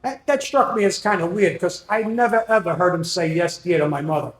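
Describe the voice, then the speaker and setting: A man's voice: sits high, brisk. A man in his sixties doing an open mic stand-up set with wry, self-deprecating stories. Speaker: stand-up comedian. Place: comedy venue with live audience. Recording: echoey room.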